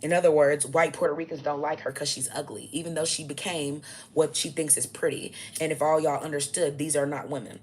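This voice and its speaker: Low-voiced woman ranting bluntly. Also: fairly even intonation, a little fast, few pauses, a little mellow, slight background noise. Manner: blunt, profane, combative preaching. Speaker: self-styled spiritual teacher. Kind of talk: ranting monologue to camera.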